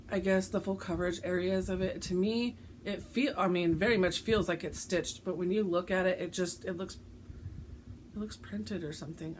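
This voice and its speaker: A woman chatting casually about her stitching projects, rambling with lots of ums, her voice going a bit hoarse. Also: medium pitch, a little mellow, a little hiss or hum. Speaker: cross-stitch vlogger. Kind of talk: casual show-and-tell chat.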